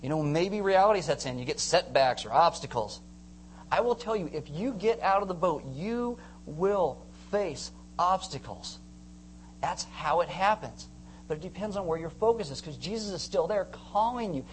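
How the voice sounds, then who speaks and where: Pastor, animated sermon, casual slang, acts out voices, faint hum underneath. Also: medium pitch, normal speed, low-quality recording.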